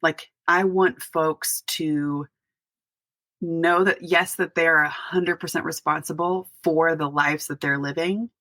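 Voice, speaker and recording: A middle-aged woman pastor, a podcast guest, speaking earnestly and reflectively, with pauses and restarts. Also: sits low, steady tone, fairly bright tone, dry recording. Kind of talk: podcast interview.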